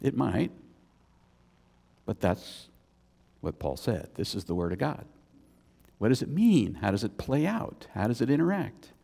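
A man's voice: mid-range voice, big pitch swings, measured pace, vocal fry, pauses often, mellow. A man preaching a sermon as a pastor, conversational, with chatty asides between points. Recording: long reverb of a church hall.

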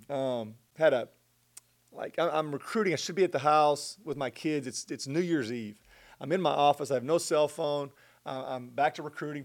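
A middle-aged man telling a personal faith story as a guest in conversation, earnest and animated. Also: fairly high pitch. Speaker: guest sharing his testimony.

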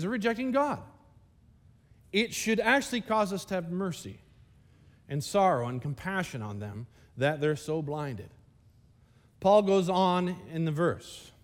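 Man, pastor, high-pitched, casual preaching style with lots of direct asides to the congregation. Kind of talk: sermon. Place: church service.

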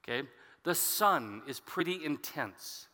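Slow and expressive, this male preacher works through scripture in an expository sermon, tossing in offhand asides to his congregation. The voice is forceful and bright, a bit high for a man, echoing with the long reverb of a large hall.

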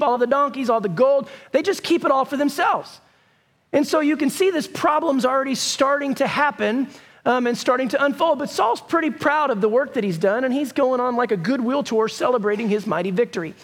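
A man preaching a sermon, telling the story in a lively, conversational way with bursts of raised voice. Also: very high voice, brisk. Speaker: pastor.

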